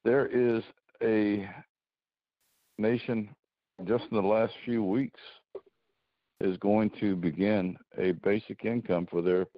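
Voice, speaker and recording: Lowish guy on a podcast call, keeps restarting his words, dry flat sound. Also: no echo, dull audio. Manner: halting, repeats words. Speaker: podcast guest. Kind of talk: casual political discussion.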